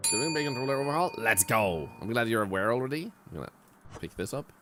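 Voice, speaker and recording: Bright, lively male game streamer. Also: medium pitch, fast, soft background music. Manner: rambling, joking, sarcastic. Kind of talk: game commentary.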